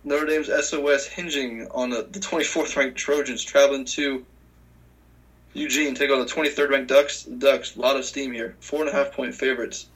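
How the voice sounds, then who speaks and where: A man at a middle pitch runs a loose sports picks chat, rambling through his reasons. He corrects himself mid-sentence and chuckles along the way. His voice sits right in the ordinary range for a man. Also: fairly even intonation, moderate pace, fairly bright tone, low-quality recording. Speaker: podcast host.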